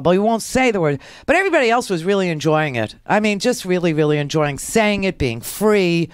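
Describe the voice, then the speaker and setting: Sarcastic, animated woman radio host. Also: lowish voice, dry recording, studio quality. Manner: animated, sarcastic, rambling with many restarts. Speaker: radio talk show host. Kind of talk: talk radio political commentary.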